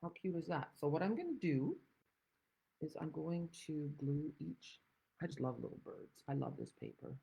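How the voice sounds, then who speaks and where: A woman's voice: sits low, animated, moderate pace, vocal fry, mellow, slightly rough, dull audio. A woman from the Netherlands hosting a card-making tutorial, chatting with rambling, self-deprecating asides. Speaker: craft demonstrator and channel host.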